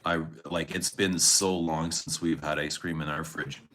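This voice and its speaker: On a casual livestream, a man with a rumbling low, steady, fairly bright voice talks at an unhurried pace. He rambles about his day, reads viewer comments, laughs a lot, and curses without holding back.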